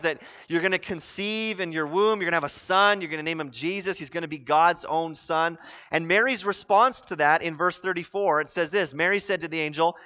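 A man preaching a sermon as pastor, earnest and conversational, with animated asides. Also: sits high. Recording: dull lo-fi sound.

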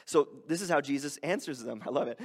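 A middle-aged man preaching a sermon in an animated, conversational way. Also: fairly high pitch, quick pace. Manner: animated, conversational preaching with playful grumbling voices. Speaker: pastor. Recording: hall reverb.

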